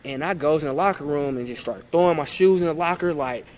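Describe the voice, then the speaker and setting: A former point guard in his thirties, talking casually on a podcast. His voice sits on the high side for a man. He tells stories with energy and slips into the voices of the people he quotes. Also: fast, slight background noise. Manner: animated, acts out past conversations. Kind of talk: casual storytelling interview.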